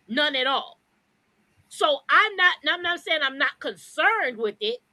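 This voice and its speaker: Woman podcast cohost going off, bright high voice, dry, cussing a lot, aave. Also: no echo. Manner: profane, blunt, fired-up ranting. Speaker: podcast co-host. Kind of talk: heated podcast rant.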